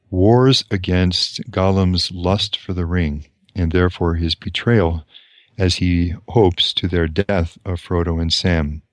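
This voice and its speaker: A man reading a novel aloud and stopping to comment on it, in a deliberate and reflective way. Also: sits low, no echo. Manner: deliberate and reflective, pausing to explain. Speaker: lecturer.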